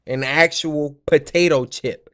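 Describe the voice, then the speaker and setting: A man's voice: fairly high pitch, steady tone, unhurried, noisy background. A man hosting a comic video reaction in a playful, joking way, with music behind.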